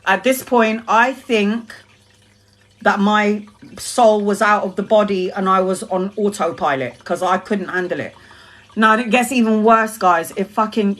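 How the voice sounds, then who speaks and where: A woman, a mother hosting a live tarot stream, tells a personal story in a casual, animated way, swearing often and laughing between lines. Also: mid-range voice. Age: adult mother. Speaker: tarot reader and livestream host.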